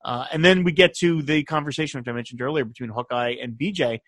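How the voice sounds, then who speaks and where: A man co-hosting a casual chat, animated, laughing often and quoting lines. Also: medium pitch, fast, dry recording, studio quality. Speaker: podcast co-host.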